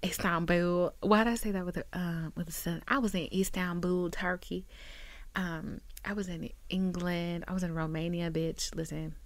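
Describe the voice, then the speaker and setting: A woman's voice: on the low side, fairly even intonation, moderate pace, no room sound. A young woman talking casually to her camera, rambling and chatty, calling her viewers "girl". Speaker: vlogger. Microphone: camera mic.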